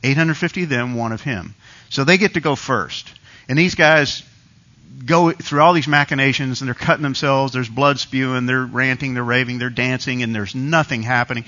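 Guy preaching, chatty storytelling sermon, bright tone, kinda dull lo-fi sound. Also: mid-range voice, normal speed. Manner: conversational storytelling with quoted asides.

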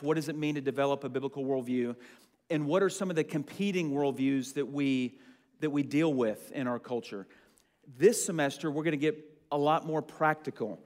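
A young man leading a church discussion group, chatty and friendly with lots of ums. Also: medium pitch. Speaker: church roundtable leader. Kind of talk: casual teaching to a group. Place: meeting room with a group. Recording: long room reverb.

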